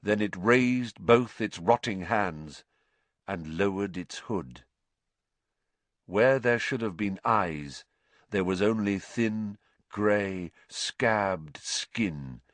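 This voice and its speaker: A man narrating an audiobook in a measured, suspenseful way, dropping low for dark passages. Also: lively intonation, no echo.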